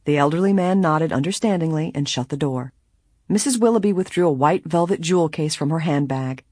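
An audiobook reader narrating a mystery story in a measured way, with a breathy voice. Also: mid-range voice, darkish tone, no room sound, studio quality. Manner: measured storytelling, voicing each character. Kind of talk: scripted narration.

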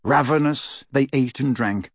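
A man narrating an audiobook in a measured storytelling manner. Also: mid-range voice, creaky, no echo, clean studio sound. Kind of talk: scripted narration.

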